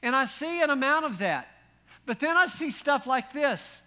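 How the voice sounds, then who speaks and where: A man preaching a sermon in a folksy, animated way, full of rhetorical questions and wry humor. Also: extremely high pitch, moderate pace. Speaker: pastor.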